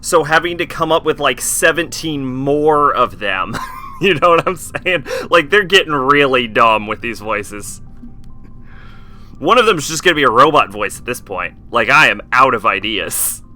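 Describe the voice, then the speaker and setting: Bright-voiced rambling male streamer. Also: mid-range voice, expressive, measured pace, faint music behind. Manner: rambling, many "like" fillers, swears. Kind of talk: casual live-stream chat.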